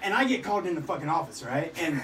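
A man's voice: on the high side, very animated, fast talker. A middle-aged man from Missouri telling rowdy, profane stories and laughing in a casual podcast chat. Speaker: podcast co-host. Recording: distant mic with loud background noise.

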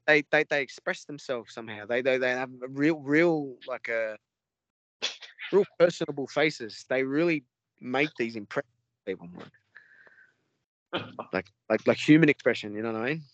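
An Australian man, a podcast guest, telling a story in a rambling, animated way with lots of swearing. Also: medium pitch, moderate pace, pauses often, dry recording, dull audio. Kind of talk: casual storytelling.

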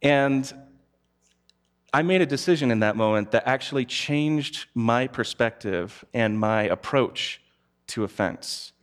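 A man's voice: medium pitch, animated, a little slow. A man giving a conversational sermon, telling personal stories candidly. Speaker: preacher.

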